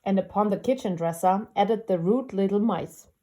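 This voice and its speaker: A woman reading a classic storybook aloud as a gentle, unhurried storyteller. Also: mid-range voice.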